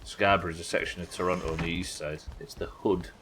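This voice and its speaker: Bright-voiced man streaming a game. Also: low voice, fairly even intonation, fast, slight background noise, low-quality recording. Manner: chatty, swears freely, thinks aloud. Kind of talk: live gameplay commentary.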